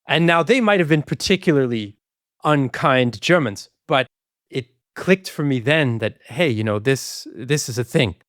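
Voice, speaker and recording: A man's voice: mid-range voice, animated, measured pace, a bit bright, dry recording, studio quality. A man co-hosting a podcast, telling a casual personal story in a chatty way. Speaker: podcast co-host. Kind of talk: casual anecdote.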